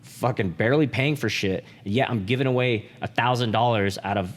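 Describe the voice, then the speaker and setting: A man's voice: mid-range voice, fairly quick, big-room sound. A man co-hosting a podcast, talking candidly and emotionally with lots of "like" fillers and swearing. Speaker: podcast co-host.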